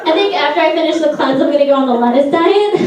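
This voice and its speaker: A woman's voice: high voice, lively intonation, a little fast. A woman stand-up comedian on a club stage, delivering brash, sardonic punchlines. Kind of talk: stand-up routine. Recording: echoey room, distant mic, noisy.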